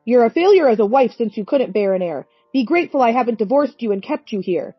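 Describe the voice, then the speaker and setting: A woman's voice: a little high, expressive, fast, slightly rough, no room sound, faint music behind. A woman reading a sneering, bossy middle-aged husband. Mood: scornful. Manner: sneering, irritable. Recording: dull lo-fi recording.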